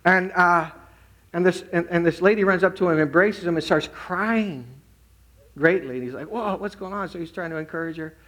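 Higher-voiced man preaching a story-filled sermon. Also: fairly quick. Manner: animated storytelling, acting out quotes. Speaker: pastor.

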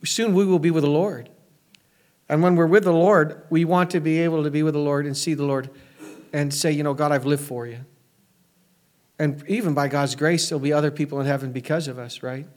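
A man's voice: a little high, steady tone, fairly quick, a little mellow. A pastor giving a conversational sermon to his church, with frequent fillers and restarts.

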